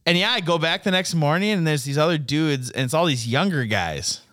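A young man telling a story in casual chat, animated and profane, laughing a lot and acting out what people said. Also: fairly high pitch, fairly quick, no echo, clean studio sound. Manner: animated, swearing, laughing often, acting out quotes.

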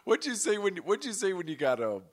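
A man's voice: sits high, huge pitch swings, brisk. A man hosting a casual podcast, asking questions in a loose, hesitant way.

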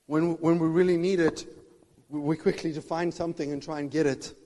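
A man preaching a sermon with fervour, swinging between shouted declarations and hushed asides. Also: on the high side, fairly even intonation, brisk. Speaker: pastor. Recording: long reverb of a big hall.

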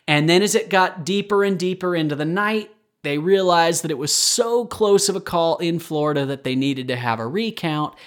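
Young man, 20s, podcast host, casual chatty history talk, rambling, self-correcting, a bit tired. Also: on the high side. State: tired late at night.

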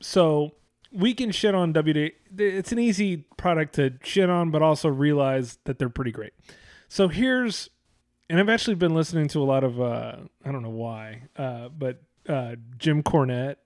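A man's voice: a little high, moderate pace, a little mellow, no room sound, studio quality. Rambling, profane podcast man. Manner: rambling, profane, restarts often. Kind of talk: casual wrestling chat.

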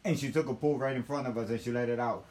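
Profane, animated young male storyteller. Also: medium pitch, fast talker. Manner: animated, profane, laughs while telling. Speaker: host. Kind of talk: casual storytelling.

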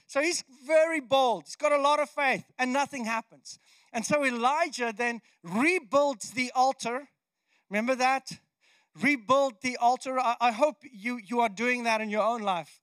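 Very high-voiced male preacher. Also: a little slow, clear, resonant tone, dry recording. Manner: conversational, animated, frequent restarts. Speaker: pastor. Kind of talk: sermon.

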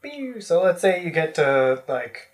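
A man's voice: on the high side, big pitch swings, measured pace. A man narrating as dungeon master, describing scenes in a casual, easygoing way. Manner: casual, pointing at a map while describing. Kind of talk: narrating a tabletop game.

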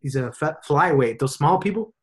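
A young man chatting casually and excitedly, with lots of slang and playful impressions. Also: on the high side, moderate pace. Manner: animated, slangy, puts on voices for fun. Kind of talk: casual chat.

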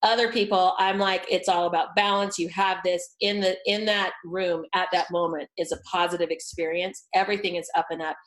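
A woman voice coach chatting on a podcast, telling lively stories and acting out what she said to clients. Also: on the low side, brisk, hardly any pauses, rough recording. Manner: animated storyteller, acts out quotes. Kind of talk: casual podcast chat.

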